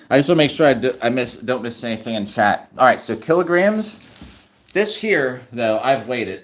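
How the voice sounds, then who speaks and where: A man's voice: mid-range voice, pushed and bright. A middle-aged man chatting casually on a livestream, rambling and restarting his sentences as he reads chat. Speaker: livestream host.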